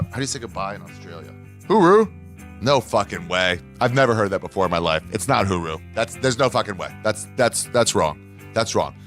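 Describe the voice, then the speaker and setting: A man's voice: fairly low pitch, bright, forceful tone. A man hosting a podcast sign-off and then telling a crude, rambling stand-up story. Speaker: podcast host and comedian.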